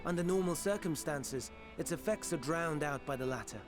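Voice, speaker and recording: An actor playing a scholarly male sage in a fantasy game, explaining in formal, archaic, measured speech. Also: a little high, lively intonation, music in the background, close to an everyday voice. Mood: calm lecturing. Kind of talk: game cutscene voice acting.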